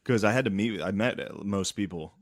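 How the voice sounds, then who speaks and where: A man's voice: lowish voice, a little fast, no echo, studio quality. A man in casual podcast banter who laughs often and swears a lot. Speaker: podcast co-host.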